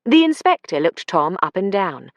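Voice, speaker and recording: A woman reading an audiobook with a lively, expressive storytelling voice, her pitch slightly low. The recording is dry and close, with no room sound. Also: normal speed, no echo. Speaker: audiobook narrator. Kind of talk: scripted audiobook narration.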